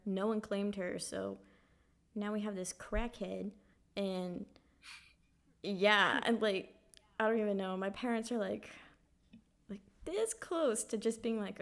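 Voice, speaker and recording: A woman co-hosting a podcast, telling an animated story in a casual chat and acting out what others said. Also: mid-range voice, a little slow. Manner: animated storyteller who acts out quotes. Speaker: podcast co-host.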